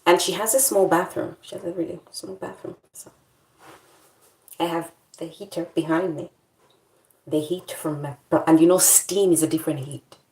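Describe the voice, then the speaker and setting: A woman's voice: on the low side, steady tone, normal speed, darkish tone, reverberant. A woman vlogger in casual chat, complaining in a playful, dramatic way.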